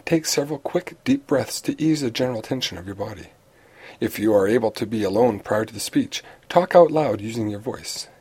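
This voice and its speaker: A man with a husky, somewhat breathy voice reads a prepared lesson on public speaking. His pitch sits in an ordinary middle range, and his delivery is measured and instructive, with the occasional small restart. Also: a little mellow. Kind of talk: reading a prepared talk.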